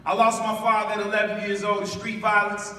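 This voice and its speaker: A man in his late forties from Chicago's West Side, giving a preacherly spoken-word speech to a school audience, calling for responses and building to loud emphatic lines. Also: high-pitched, monotone, fairly quick, a little hiss or hum. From West Side of Chicago, USA. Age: 40s. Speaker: spoken word poet and speaker. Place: large school hall. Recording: echoey hall from far off.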